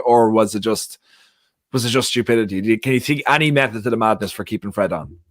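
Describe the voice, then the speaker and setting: A man's voice: mid-range voice, animated, a little fast, fairly bright tone, dry recording. A man co-hosts a casual football fan panel over a video call, joking and reading viewer comments aloud. His voice sits in the middle range. The sound is dry, with no room around it. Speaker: panel show co-host.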